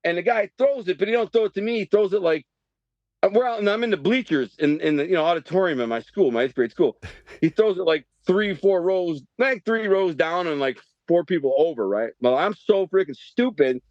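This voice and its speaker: Animated streetwise guy. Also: sits high, fairly quick, no echo. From Detroit, USA. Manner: animated, streetwise, loud acted-out quotes. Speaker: podcast guest. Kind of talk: casual storytelling. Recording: dry, dull podcast audio.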